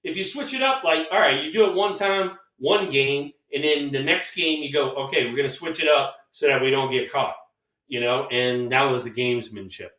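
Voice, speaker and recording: A man's voice: mid-range voice, moderate pace, distant mic. An older man co-hosting a casual podcast, telling stories with plenty of swearing and acting out the dialogue. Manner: animated storyteller who acts out dialogue, swears freely. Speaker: co-host, former baseball player. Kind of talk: casual storytelling chat. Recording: echoey room, off-mic.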